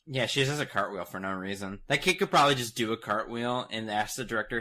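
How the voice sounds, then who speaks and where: A young man co-hosting a podcast, recapping with animated, profane storytelling and acted-out quotes. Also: fairly low pitch, quick pace. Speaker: podcast co-host. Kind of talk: casual comedic recap chat.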